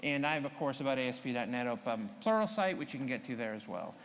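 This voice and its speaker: A man explaining a live coding demo at a tech conference, talking to the audience in a relaxed, explanatory way. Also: medium pitch, quick pace, in a large hall. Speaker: conference speaker. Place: conference hall.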